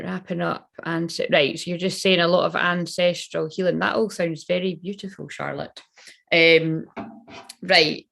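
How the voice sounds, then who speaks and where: A woman's voice: lowish voice, creaky. A young Scottish woman doing a tarot reading on a casual livestream, chatty, rambling and swearing now and then. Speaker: tarot reader.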